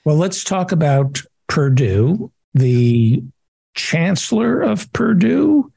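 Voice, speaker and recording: Brief: male interviewer, dark husky voice, slow measured questions. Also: a little high, sing-song, dry recording.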